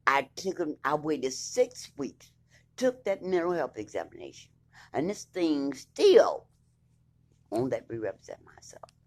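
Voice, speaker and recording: Indignant woman with a lively voice. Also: low voice, measured pace. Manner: indignant, blunt, swears freely. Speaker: vlogger recounting her court case. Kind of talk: emphatic personal account, reading documents aloud.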